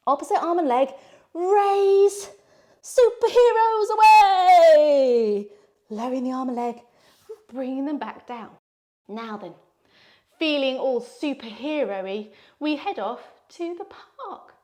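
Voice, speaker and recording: A woman with a high-pitched, animated voice leads a playful kids' yoga session at normal speed, telling a story with sound effects.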